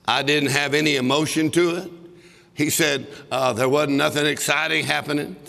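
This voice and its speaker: A man's voice: on the high side, fairly even intonation, moderate pace, vocal fry, pushed and bright. A man preaching a sermon, telling a story and breaking into bursts of laughter as he exhorts. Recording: long reverb of a large hall.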